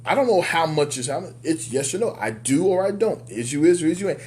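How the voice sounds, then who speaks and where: A man coaching other men in a motivational talk. He speaks emphatically like a preacher, repeats key words for effect, and jumps up in pitch on his punch lines. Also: lively intonation, fast talker, a little mellow. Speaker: men's life coach and show host.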